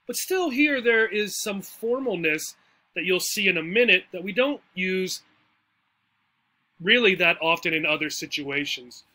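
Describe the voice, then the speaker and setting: A man's voice: high-pitched, animated, measured pace, pushed and bright. A man teaching English, walking through a textbook dialogue in a chatty way and often checking in with "right?" and "okay?".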